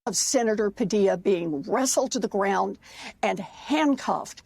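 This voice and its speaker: A woman's voice: mid-range voice, lively intonation, unhurried, vocal fry, darkish tone, husky, dry recording. A woman commentator in a news clip, speaking in a matter-of-fact way.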